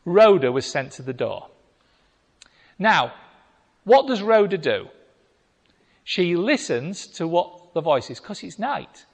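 Animated preacher man in a reverberant hall. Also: sits high, takes it slowly, pauses often. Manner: animated storytelling, acting out voices. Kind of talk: sermon.

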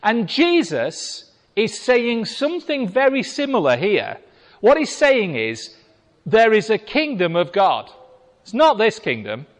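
Lively preacher in a reverberant hall. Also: male voice, sits high, measured pace. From Britain. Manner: conversational, wry asides to the congregation. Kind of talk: sermon with scripture reading.

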